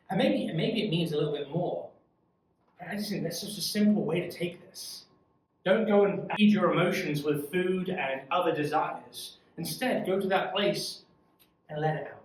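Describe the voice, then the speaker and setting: Guy leading youth bible study, bit high voice, talks earnest and chatty, really echoey room, mic kinda far. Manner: earnest, conversational, asks the group questions. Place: church room.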